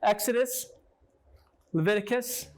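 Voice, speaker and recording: A man with a rather high voice leads a Bible lesson for a small group. His talk is conversational and back-and-forth. He keeps checking in with his listeners and putting questions to them as he goes. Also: a little slow. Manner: conversational, peppers points with "right?" and questions to listeners. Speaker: Bible teacher.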